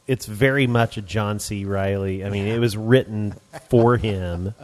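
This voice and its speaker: A man's voice: on the low side, fairly even intonation, unhurried, darkish tone. A man hosting a casual podcast chat, hesitant and wry, with lots of restarts. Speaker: podcast host.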